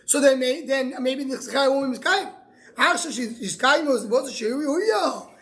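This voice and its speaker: High-voiced rabbi explaining Talmud. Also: male voice, animated, fairly bright tone. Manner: quotes the Aramaic text, then explains it in English; halting, repeats words while searching for phrasing. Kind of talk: daily Talmud class.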